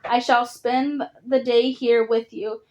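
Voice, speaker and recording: A woman's voice: on the high side, level tone, slow, a little mellow. A woman reading the lines of a stern, commanding sea king with formal, stately speech.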